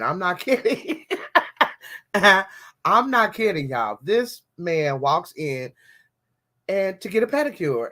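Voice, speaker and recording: A woman hosting a podcast, talking to her listeners in an easygoing, chatty way. She tells her stories with plenty of slang and keeps calling out to them as y'all. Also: sits low. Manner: animated storytelling with slang, addressing listeners as y'all. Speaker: podcast host. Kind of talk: casual chat.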